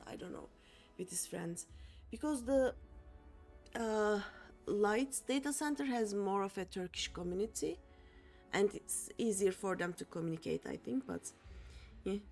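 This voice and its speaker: A young woman chats casually with her viewers while she plays, wandering from point to point with lots of fillers and restarts. Her voice sits a little high, and faint music runs quietly behind her. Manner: chatty, rambling, many fillers and restarts. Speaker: streamer. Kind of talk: casual chat while playing a game.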